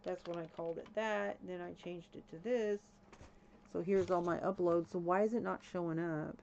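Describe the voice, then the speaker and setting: A woman's voice: fairly low pitch, fairly even intonation, moderate pace, creaky, darkish tone, muffled recording, slight background noise. A woman live-streaming a game, talking to herself and her viewers as she grows alarmed, with frequent exclamations. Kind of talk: casual live-stream chat.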